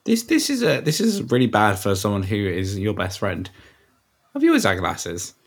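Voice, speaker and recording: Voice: sits low, huge pitch swings, moderate pace, husky. A podcast co-host in casual chat, teasing the others and laughing along.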